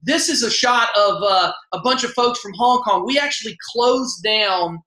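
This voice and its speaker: A man co-hosting an online sales party in a casual, upbeat pitch, repeating himself for emphasis. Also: lively intonation, normal speed, pushed and bright, roomy sound, low-quality recording.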